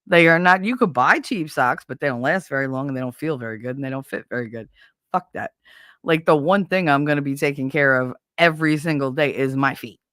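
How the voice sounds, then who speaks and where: A middle-aged woman hosts a casual livestream, bluntly and profanely venting her exasperation about her kids and household chores. Her voice is low-pitched, fairly quick and fairly bright, captured in a dry, clean studio recording.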